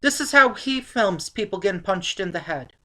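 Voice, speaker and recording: A woman tears into an old film with dry sarcasm, talking in a casual chat with a friend. Her voice sits in an ordinary middle pitch, and her tone stays exasperated and mocking. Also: lively intonation, moderate pace, bright, forceful tone. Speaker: movie reviewer. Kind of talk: casual movie review chat.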